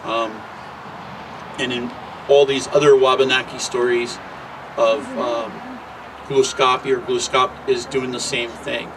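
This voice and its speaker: A man telling a traditional creation story at an unhurried, conversational pace, with occasional filler words, outdoors. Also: mid-range voice, level tone. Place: outdoors near traffic. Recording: distant mic with loud traffic noise.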